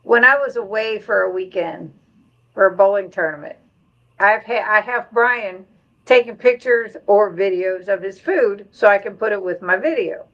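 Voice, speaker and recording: A middle-aged woman hosts a casual live stream, reading viewer comments aloud in a chatty way. Her voice sits at an ordinary pitch. The sound is slightly muffled, like low-grade stream audio. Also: moderate pace.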